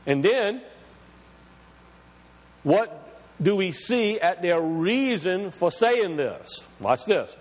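A man's voice: high voice, big pitch swings, takes it slowly, long pauses. A male preacher delivering an emphatic teaching sermon, asking questions and explaining scripture word by word. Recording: long hall reverb.

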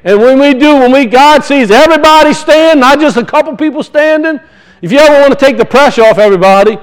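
High-voiced man preaching with folksy rhetoric. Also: quick pace, low-quality recording. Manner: conversational preaching with rhetorical questions and folksy stories. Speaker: pastor. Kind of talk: sermon.

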